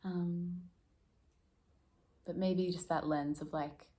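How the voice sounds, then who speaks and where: A woman chats in a reflective home vlog, speaking slowly with fairly even intonation in a mellow voice on the low side. She rambles, laughs often, and is self-deprecating as she talks in a room at home.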